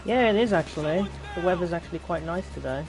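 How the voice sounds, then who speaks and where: A man's voice: sits high, fast. A young British man chatting casually while playing, rambling and answering his chat. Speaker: gaming YouTuber. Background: game music and gunfire.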